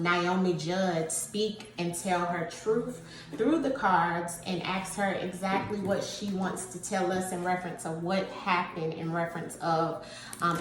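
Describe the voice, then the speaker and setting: Woman doing a slow tarot reading, calls everyone family, sounds far off in an echoey room w/ music under it. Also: lowish voice. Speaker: tarot card reader. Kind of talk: spiritual tarot reading video. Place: room at home with incense burning.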